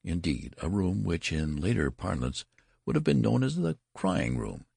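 A man narrating a story as an audiobook reading, with dramatic, expressive delivery. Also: sits low, moderate pace, creaky, slightly rough, no room sound, clean studio sound.

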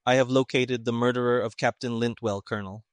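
A man voicing a calm, polite male detective who speaks in a measured, courteous, low-key way, in a dry recording. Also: clean tone, no room sound, natural voice. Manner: measured, courteous, soft-spoken.

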